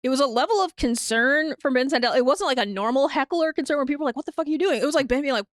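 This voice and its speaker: Animated Midwestern woman telling a comedy story. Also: sits high, very fast, no room sound, studio quality. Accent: Upper Midwest American. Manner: animated storyteller, acts out quotes, laughs often. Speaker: comedian guest. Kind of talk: casual podcast chat.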